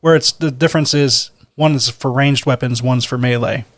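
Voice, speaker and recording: A man's voice: mid-range voice, fairly even intonation, normal speed, no room sound. A man co-hosting a casual podcast chat, easygoing and self-deprecating. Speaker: podcast co-host.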